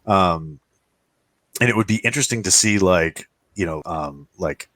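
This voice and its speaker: Deep-voiced man rambling through a story. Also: animated, measured pace, a bit bright, no echo. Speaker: podcast co-host. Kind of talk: casual roundtable chat.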